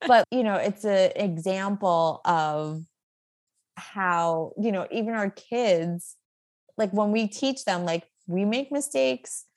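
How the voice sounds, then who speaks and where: A woman's voice: mid-range voice, slow, darkish tone. A woman in her thirties, a guest in a casual interview, talking in an upbeat, chatty way full of fillers and laughter. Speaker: guest, social media creator.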